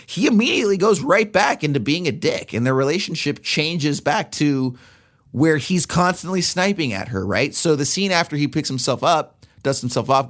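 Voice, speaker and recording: A man co-hosting a film podcast, recapping the plot at length in a relaxed, casual chat. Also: mid-range voice. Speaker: podcast co-host.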